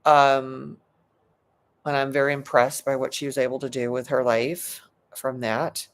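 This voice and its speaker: A woman's voice: rumbling low, level tone, a little slow. A middle-aged woman, a psychologist and coach, giving a motivational talk in an earnest, emphatic way, often restarting her sentences.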